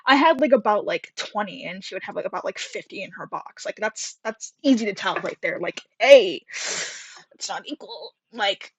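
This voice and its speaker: A woman's voice: mid-range voice, animated, fairly quick, few pauses, a bit bright, husky, no room sound. A young woman telling a story from her school days in a casual, rambling way, full of fillers, a little out of breath. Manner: chatty, rambling, many fillers and laughs.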